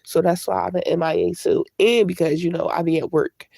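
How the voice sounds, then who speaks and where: Congested gravelly woman chatting on a livestream. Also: on the low side, steady tone, a little fast, mellow, no room sound. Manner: candid, chatty, greets live viewers. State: congested from a cold. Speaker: YouTube vlogger. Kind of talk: casual live-stream chat.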